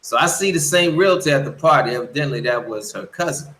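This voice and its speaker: A man's voice: mid-range voice, expressive, brisk, a bit bright, reverberant, poor audio. A man in casual chat as a guest, telling stories in a blunt, profane way. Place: lives in the Dominican Republic.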